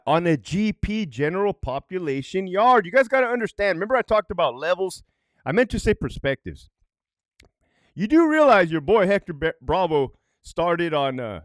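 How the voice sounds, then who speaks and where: A man's voice: on the high side, no room sound, studio quality. A middle-aged man, a former correctional officer, telling prison stories in a profane, worked-up way and keeps asking "right?". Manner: animated and worked up. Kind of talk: storytime commentary.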